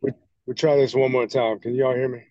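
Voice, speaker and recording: A man's voice: medium pitch, little pitch movement, a little fast, dark tone, no room sound, lo-fi sound. A man in a group call, joking and laid-back, asking a question.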